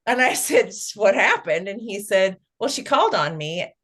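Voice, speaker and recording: A woman's voice: mid-range voice, expressive, moderate pace, a bit bright. A middle-aged woman, a guest on an interview podcast, telling a family story and acting out the dialogue.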